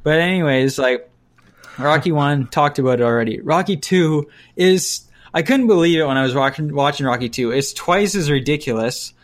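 A man co-hosting a casual chat about movies, ranting bluntly and breaking into quick mimicked voices. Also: a little high.

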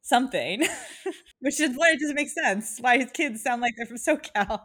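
Woman, higher voice, chatty podcast co-host, laughs easily. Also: moderate pace. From United States. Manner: chatty, laughs often, animated. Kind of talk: casual chat.

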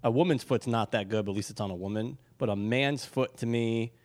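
A man's voice: mid-range voice, fairly quick. A man co-hosting a podcast, telling rambling stories in casual chat and acting out the dialogue. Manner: rambling storyteller, acts out dialogue. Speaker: podcast co-host.

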